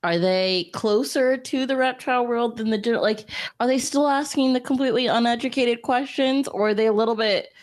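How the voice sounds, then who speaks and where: A woman's voice: on the high side, a little fast. A woman co-hosting a casual interview, laughing often and searching for how to phrase her questions. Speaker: podcast co-host.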